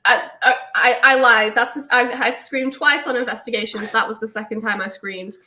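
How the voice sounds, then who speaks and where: Young woman guest, higher voice, excitable storyteller. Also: normal speed. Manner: excitable, acts out quotes in a high voice. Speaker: guest, paranormal investigator. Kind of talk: casual storytelling on a talk show.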